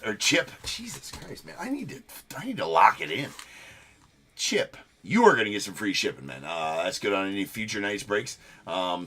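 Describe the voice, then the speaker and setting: A young man hosting a live card break stream, chatting loosely with viewers, joking at himself and swearing now and then. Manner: loose, self-deprecating, swears, jumps up in pitch when excited.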